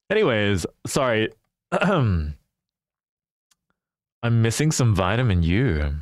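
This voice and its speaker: A man chats with his live audience in a relaxed, teasing way, laughing easily. His delivery is unhurried, with lively ups and downs in pitch. The sound is dry, with no room echo. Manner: playful, teasing, laughs often. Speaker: livestreamer. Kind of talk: casual chat with viewers.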